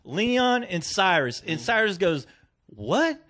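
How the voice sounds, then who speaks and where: A man's voice: high-pitched, animated, normal speed, sharp tone. A man co-hosting a casual podcast, telling a story with lots of laughter and acting out his friends' lines. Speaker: podcast co-host.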